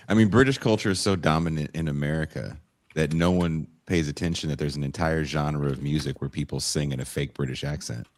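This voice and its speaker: Deep-voiced man hosting a casual chat. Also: brisk, darkish tone, no echo. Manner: joking, blunt, laughs often. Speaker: podcast host. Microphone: video call.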